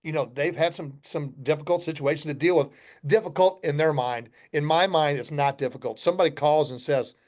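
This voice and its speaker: A little high and a little fast, the voice belongs to a middle-aged company founder on a podcast. His casual storytelling is blunt and folksy, with some swearing, as he acts out both sides of his conversations with customers.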